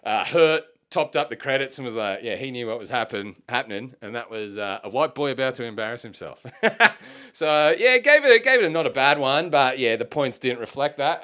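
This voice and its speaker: Young Australian man, solo podcast host, relaxed slangy delivery with frequent swearing, clean resonant voice. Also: mid-range voice. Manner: laid-back, swears freely, lots of ums and slang. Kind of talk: casual rambling chat.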